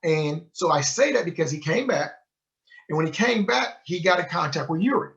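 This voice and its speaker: Animated storytelling man, lo-fi sound. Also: fairly high pitch, normal speed, gravelly. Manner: animated storyteller who acts out quoted dialogue. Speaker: sheikh giving a book club talk. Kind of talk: storytelling lecture. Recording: muffled lo-fi recording.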